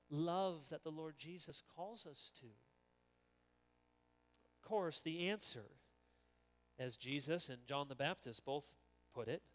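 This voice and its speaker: High-voiced man preaching in a reverberant hall. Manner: animated, acts out quoted voices. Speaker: pastor. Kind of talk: sermon. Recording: long reverb of a large hall.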